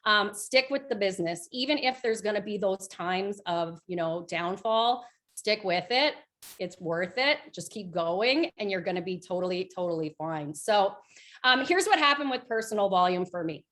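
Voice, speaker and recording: A woman in her thirties, a direct sales team leader, giving a chatty motivational talk on a group call, full of fillers and lively storytelling. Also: medium pitch, normal speed.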